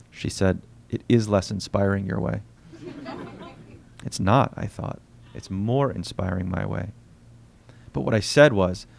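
A man reading aloud from his own novel at a bookstore event, quiet and unhurried, voicing the dialogue softly. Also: on the low side, vocal fry.

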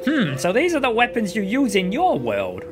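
Smug teasing female imp, put on by a man, lively and a bit high, game music behind. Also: normal speed.

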